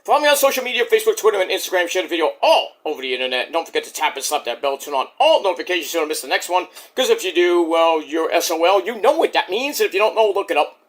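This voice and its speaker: A man's voice: high voice, big pitch swings, very fast, few pauses. A man giving a brash, boastful, rambling spiel to open his own channel's video. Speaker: YouTuber.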